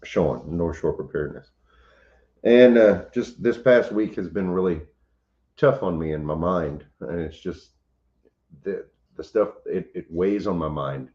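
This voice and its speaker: A very deep-voiced man chats casually on a home livestream, pausing and restarting as he greets viewers. The sound is roomy and slightly dull. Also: dark tone. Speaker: homestead channel host.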